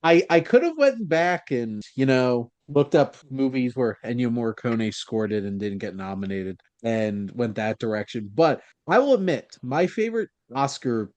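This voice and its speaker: A man's voice: mid-range voice, big pitch swings, normal speed, hardly any pauses, darkish tone, no room sound, lo-fi sound. Emphatic, jokey man co-hosting a podcast. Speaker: podcast co-host. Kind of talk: casual chat.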